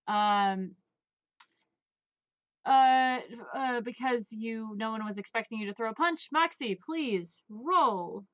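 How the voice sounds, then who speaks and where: A woman's voice: fairly high pitch, a bit bright. A woman narrating a tabletop game as game master, chatty, with many fillers and laughs.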